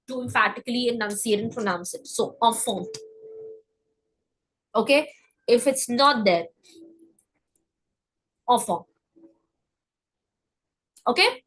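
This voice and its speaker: A woman giving a live online French class, breaking words down and repeating them slowly, often checking in with "okay?". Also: fairly high pitch, a bit bright, a little hiss or hum, low-quality recording. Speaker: French teacher.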